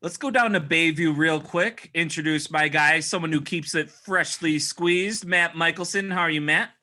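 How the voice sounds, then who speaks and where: A man's voice: fairly high pitch, normal speed, sharp tone. A man hosting a casual wrestling podcast over a video call, upbeat and introducing his co-hosts. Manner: upbeat, hypes up the guests. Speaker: podcast host.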